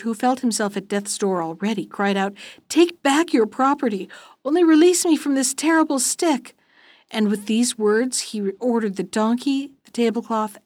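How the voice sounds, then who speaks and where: A woman hosting a storytelling show, reading a fairy tale aloud in a gentle, even way and closing with listener notes. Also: mid-range voice, no echo. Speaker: storyteller and podcast host.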